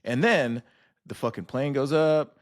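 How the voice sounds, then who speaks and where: A young man hosting a podcast, telling stories in a casual, profane and animated way. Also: medium pitch, measured pace. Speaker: podcast host. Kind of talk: casual chat.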